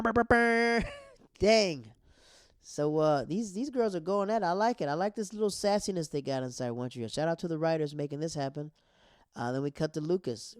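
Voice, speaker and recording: A young man talks through a TV episode in a loose, excitable way. He breaks in with quick asides and playful sound effects. His voice sits at an ordinary middle pitch, heard close and dry with no room sound. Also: no room sound. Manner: excitable, retells scenes with quoted lines and vocal sound effects. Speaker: TV recap show host. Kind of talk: casual episode recap.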